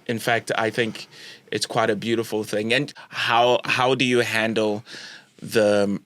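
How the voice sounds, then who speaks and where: Guy hosting a podcast, asks slow thoughtful questions, dry sound. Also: on the low side, flat delivery, fairly bright tone, no echo. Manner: thoughtful, halting, with restarts. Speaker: podcast host. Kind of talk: interviewing.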